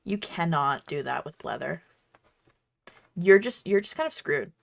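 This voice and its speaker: A woman's voice: fairly low pitch, animated, measured pace, gravelly. A woman cosplayer chatting casually while she crafts, bubbly, rambling and self-deprecating. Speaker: cosplayer and streamer.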